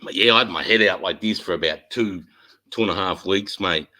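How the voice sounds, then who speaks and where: An Australian man in his forties, telling a war story in a casual chat, animated and swearing a lot. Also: sits low, brisk, low-quality recording. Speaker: host.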